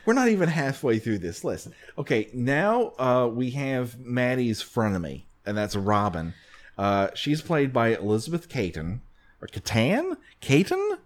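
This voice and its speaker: Male podcast host, lively pitch, jokey and animated. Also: a little slow. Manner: joking, animated, frequent laughs. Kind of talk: casual comedic chat.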